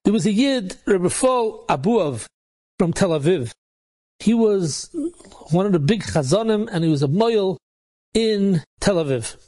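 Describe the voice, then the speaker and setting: A man's voice: high-pitched, lively intonation, a little slow, dark tone, faint music behind. A man, a rabbi, telling a story in a casual, repetitive way, peppered with Yiddish and Hebrew words.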